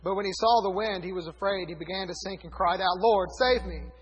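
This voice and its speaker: A man's voice: high-pitched, fairly even intonation, fast, husky. A man preaching a sermon to a congregation, reading scripture aloud and correcting himself as he goes. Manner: conversational, self-correcting, reads scripture aloud. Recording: dull lo-fi recording in a reverberant hall.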